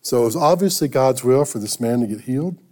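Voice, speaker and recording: Mellow-voiced male pastor telling a story. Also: medium pitch, lively intonation. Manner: conversational, halting with restarts. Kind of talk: sermon with storytelling.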